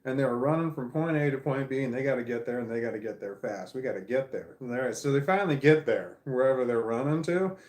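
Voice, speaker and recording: A man's voice: medium pitch, quick pace, few pauses, a little mellow. Rambling, cursing man in an echoey room. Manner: rambling, profane storytelling. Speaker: livestream host. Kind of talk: casual livestream chat. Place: living room.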